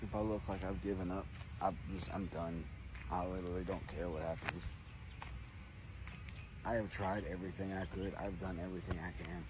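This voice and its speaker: A man's voice: sits low, fairly even intonation, normal speed, pauses often, noisy background. A man speaking in a defeated, weary monologue about giving up. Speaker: TikTok poster. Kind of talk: despairing monologue to camera.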